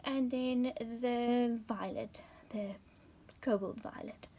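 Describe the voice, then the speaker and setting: A woman's voice: a little high, steady tone, slow pace, warm tone. A woman giving a casual watercolour tutorial, chatting and sometimes dropping to a half-whisper as she writes, slightly out of breath. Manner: chatty, drops to a half-whisper while writing. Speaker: watercolour art teacher.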